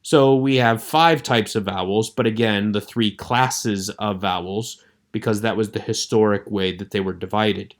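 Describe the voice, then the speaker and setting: A man teaching a recorded online lecture with a measured, explanatory delivery. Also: on the low side.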